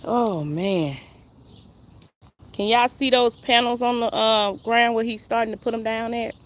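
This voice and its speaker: A woman's voice: on the high side, a little slow. A woman, chatting and laughing with viewers on a casual live stream. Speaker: livestream host.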